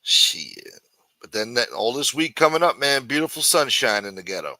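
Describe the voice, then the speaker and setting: A man hosting a casual livestream, greeting viewers with loud mock-preacher calls, crude banter and sing-song asides. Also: mid-range voice, big pitch swings, moderate pace, no room sound. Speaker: livestream host. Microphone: desk microphone.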